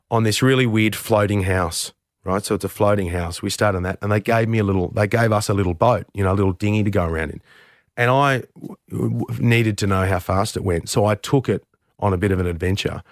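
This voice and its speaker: Self-deprecating man, low voice. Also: brisk, no echo, studio quality. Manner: candid, self-deprecating, animated when telling anecdotes. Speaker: radio host, interview guest. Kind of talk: conversational storytelling.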